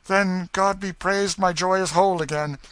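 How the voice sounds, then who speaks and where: A man reading aloud gives a passionate young knight, his voice lifted high above the narrator's own and ringing loud. He declaims in archaic phrases and swings between outcry and pleading. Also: lively intonation, unhurried, no echo, full character voice. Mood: elated. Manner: exclamatory, archaic speech, rising to anguish. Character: impassioned young male knight, homecoming soldier.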